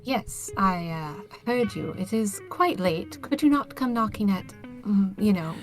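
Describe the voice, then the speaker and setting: Woman playing a polite, guarded guardian of the house; formal speech, soft music bed. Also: mid-range voice, lively intonation, unhurried. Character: guarded woman of a church order, adult, polite.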